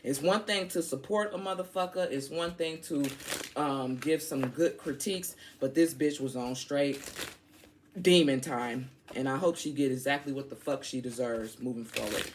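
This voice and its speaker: A tarot reader gives a casual spoken reading, outspoken, slangy and chatty, talking straight to her listeners. Her voice is extremely low, her pace moderate, and the background is noisy.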